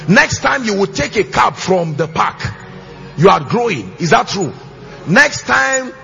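Male preacher, high and gravelly, emphatic sing-song delivery; muffled church recording, faint music. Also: lively intonation, measured pace. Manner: emphatic, sing-song preaching with shouted bursts and call-and-response questions. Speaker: pastor. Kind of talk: sermon. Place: church auditorium with congregation.

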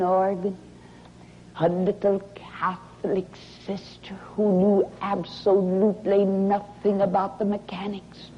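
A woman preacher delivering a sermon in a slow, dramatic way, often dropping into a whisper for effect. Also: medium pitch. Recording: dull lo-fi recording with faint hiss.

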